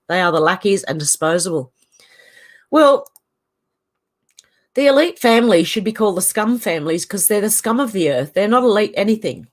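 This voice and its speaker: A middle-aged Australian woman hosting a casual livestream, reading viewer comments aloud in a chatty, opinionated way. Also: medium pitch. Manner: chatty and opinionated, laughs often. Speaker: channel host.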